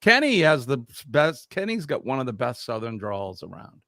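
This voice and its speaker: A man's voice: medium pitch, animated, moderate pace, fairly bright tone, no echo, clean studio sound. A man hosting a casual live quiz stream, reading viewer comments aloud in an upbeat way.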